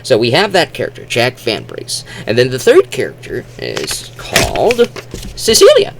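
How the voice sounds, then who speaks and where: In a noisy setting, a man hosting a video rambles through casual commentary full of restarts and fillers, acting out silly, exaggerated quotes. His medium-pitched voice is creaky and swoops wildly in pitch, at a moderate pace.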